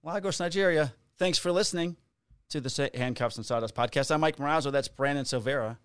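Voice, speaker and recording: A man's voice: on the high side, quick pace, clear, resonant tone, no room sound, clean studio sound. A man co-hosting a casual podcast, rambling through stories, jokes and a sponsor read. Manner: joking, rambling storyteller. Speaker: podcast co-host. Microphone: studio podcast mic.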